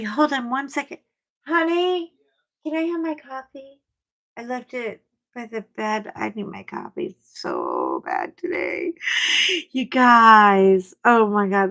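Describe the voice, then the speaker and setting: A middle-aged woman with a mid-range voice hosts a casual livestream chat. She tells stories animatedly and greets her viewers by name.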